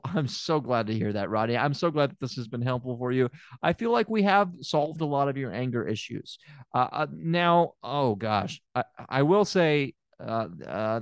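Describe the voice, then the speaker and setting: A man's voice: medium pitch, smooth, no room sound, clean studio sound, close to an everyday voice. A man playing a soothing, inept therapist. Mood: flustered. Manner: slow, soothing hypnotic delivery. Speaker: improv therapist. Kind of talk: improvised comedy podcast.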